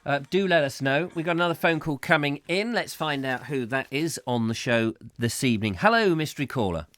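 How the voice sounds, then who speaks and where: A man's voice: on the high side, expressive, brisk, fairly bright tone, no echo, clean studio sound. A man hosting a live call-in chat show, rambling and chatty, with lots of ums as he reads out comments. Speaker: host.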